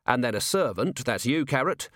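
Vimes, a brisk, probing watch commander voiced by a man. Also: medium pitch, big pitch swings, fairly bright tone, no echo, clean studio sound. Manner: brisk, probing, rhetorical questioning. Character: sharp, driven veteran male watch commander. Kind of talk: audiobook character voice.

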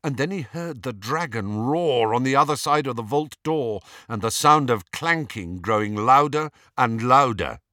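A man's voice: medium pitch, animated, normal speed, few pauses, pushed and bright, dry recording, clean studio sound. A man narrating a fantasy story aloud in a dramatic, suspenseful way. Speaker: audiobook narrator.

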